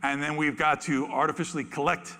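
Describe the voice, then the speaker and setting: A man giving a lively, storytelling talk from an expo stage as a zoo spokesperson, acting out animals in funny voices. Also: fairly high pitch, brisk. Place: expo main stage in a large hall. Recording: reverberant large hall.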